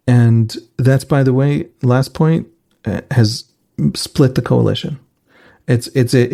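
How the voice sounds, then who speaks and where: Gravelly-voiced man analyst. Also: mid-range voice, warm tone. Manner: thoughtful, explanatory, frequent restarts. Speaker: senior analyst. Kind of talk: podcast political analysis.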